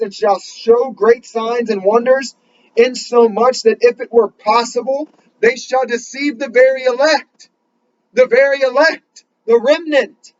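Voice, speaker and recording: Earnest male preacher, high-pitched, builds to emphatic questions and reads scripture slowly; muffled recording. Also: slight background noise. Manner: reads scripture slowly in King James wording. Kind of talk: sermon.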